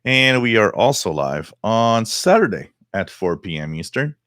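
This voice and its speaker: A man's voice: fairly low pitch, big pitch swings, unhurried, fairly bright tone, no room sound, clean studio sound. A middle-aged French Canadian man, French his first language, hosting a live radio hobby stream in casual, rambling chat with many fillers. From Quebec, Canada. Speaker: host.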